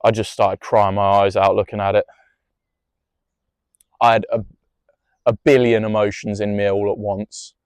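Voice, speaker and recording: Young man, low-ish voice, slow unhurried delivery, candid confessional vlog storytelling with swearing and restarts. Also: flat delivery, darkish tone, smooth, dry recording. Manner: emotional, rambling, swears freely, many restarts. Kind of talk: personal storytelling monologue.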